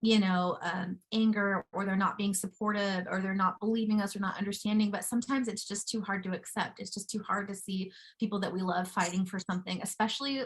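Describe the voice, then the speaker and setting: A woman's voice: medium pitch, steady tone, brisk, hardly any pauses. A woman co-hosting a podcast, talking earnestly and encouragingly to her guest. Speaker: podcast co-host. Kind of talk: podcast interview.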